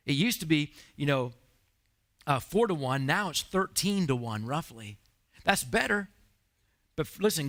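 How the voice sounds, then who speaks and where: Bright, high-voiced man preaching a sermon. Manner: animated storytelling with playful acted asides. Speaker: pastor. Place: church sanctuary.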